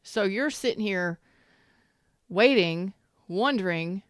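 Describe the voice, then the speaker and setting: A woman's voice: mid-range voice, measured pace, smooth, dry recording, clean studio sound. A woman giving a casual tarot reading, repeating herself emphatically and sometimes swearing. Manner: repetitive and emphatic, swears when worked up. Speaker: tarot reader.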